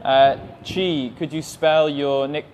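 Young english guy teaching, live q&a, lots of ums, takes it slow, faint hum behind. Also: on the high side, steady tone, darkish tone. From England. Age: 20s. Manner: hesitant, with many ums, speaks slowly and carefully. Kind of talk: live-stream Q&A reading viewer comments. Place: language school.

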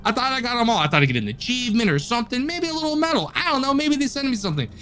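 Lively, bright-voiced male gamer narrating his play, faint game music behind. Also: very high voice, racing, a little hiss or hum. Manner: chatty, joking, talks to himself. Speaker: let's play host. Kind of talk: gameplay commentary.

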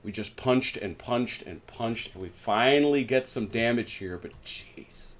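A man hosting a tabletop wargame session, chatting casually as he plays, counting dice aloud and breaking into excited exclamations. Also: medium pitch, a little slow, a little hiss or hum. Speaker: host, tabletop wargame player. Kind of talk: casual play-by-play while gaming. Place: home, at a game table.

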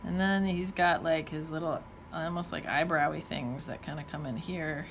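Chatty woman teaching watercolor, lowish voice. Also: fairly even intonation, moderate pace, slight background noise. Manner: chatty, thinking aloud, playful exclamations. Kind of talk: painting demonstration talk-along.

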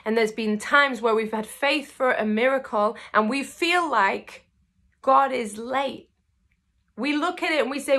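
A woman pastor speaks straight to her listeners in a devotional talk, encouraging and lively as she tells a story. Her voice is bright and forceful, pitched a little high. She leans into quotes and key words with energy. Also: unhurried.

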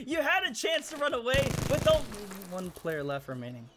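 A high-pitched man narrates his own gameplay, muttering low one moment and shouting at players the next. Clear background noise and game clicks sit under his voice. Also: fairly quick, hardly any pauses. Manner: animated, swings between low muttering and loud shouts at players. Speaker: gaming YouTuber hosting hide and seek. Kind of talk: excited gameplay commentary.

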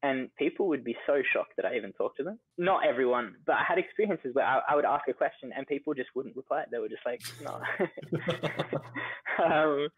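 With a breathy edge and lively intonation, a young Australian coffee entrepreneur talks a little fast at a medium pitch. He's a chatty interview guest telling stories full of fillers like "like" and "you know," captured in a dry, phone-like recording.

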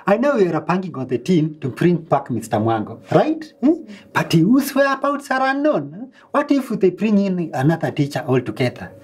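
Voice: mid-range voice, big pitch swings, normal speed, darkish tone, breathy edge. An actor playing a young student who raises doubts and questions. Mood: doubting. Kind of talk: TV drama acting.

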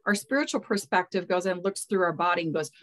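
In a roughly recorded casual interview, a woman with a lowish voice speaks quickly as a spiritual mentor. Earnest and loose, she frequently repeats words as she works out how to express herself.

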